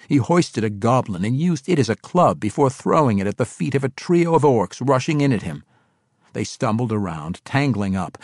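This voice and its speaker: A man narrating a fantasy novel in expressive storytelling style. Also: mid-range voice, normal speed, no room sound, clean studio sound. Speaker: audiobook narrator.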